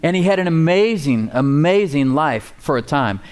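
A man's voice: fairly high pitch, lively intonation, normal speed, a little mellow. Emphatic male preacher in church. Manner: emphatic, repeats key words, asks "Amen?" for responses; casual preacher's talk with fillers and folksy asides. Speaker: pastor. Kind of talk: sermon. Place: church before a responding congregation.

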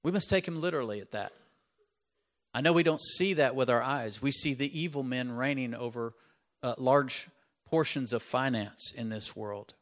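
A middle-aged man preaching in a conversational way, at an everyday middle pitch. He checks in with the congregation with "right?" and builds to loud, emphatic peaks on his main points. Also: normal speed. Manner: conversational asides with repeated "right?". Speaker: pastor. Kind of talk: sermon.

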